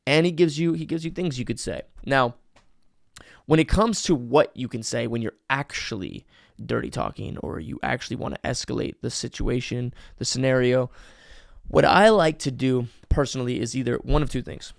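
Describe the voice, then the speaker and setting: A male podcast host talks through his advice in an energetic, emphatic way. His voice has a gravelly rasp, and he leans on fillers and restarts. The sound is dry and close. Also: medium pitch, normal speed, no room sound. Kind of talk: casual advice talk.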